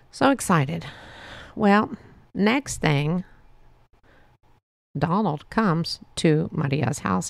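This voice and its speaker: A woman hosts her podcast and tells a story slowly and unhurriedly, drifting from point to point with fillers and restarts. Her voice is a little low and has a gravelly edge. The recording is close and dry, with no room sound. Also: darkish tone, no room sound. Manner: meandering, with many fillers and restarts. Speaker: podcast host. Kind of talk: casual storytelling monologue.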